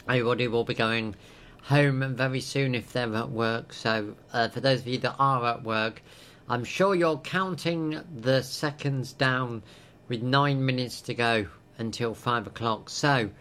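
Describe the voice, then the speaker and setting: A man's voice: mid-range voice, unhurried, fairly bright tone. A man working as a radio DJ, making self-mocking jokes between songs. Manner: jokey, self-mocking banter.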